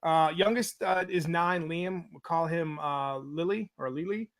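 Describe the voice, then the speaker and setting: A man's voice: a little high, fairly even intonation, a little slow, a bit bright, smooth. A man co-hosting a casual talk show, laughing often and reading out viewer comments. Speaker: podcast co-host. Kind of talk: casual chat.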